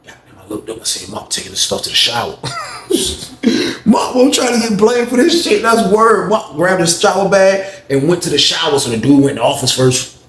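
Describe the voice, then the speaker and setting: A young man tells a story in a loose, slangy, profane way, his voice jumping around a lot. He sits a bit high for a man, in a roomy room with echo. A faint noise hums underneath. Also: big pitch swings, brisk, a bit bright. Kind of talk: casual storytelling.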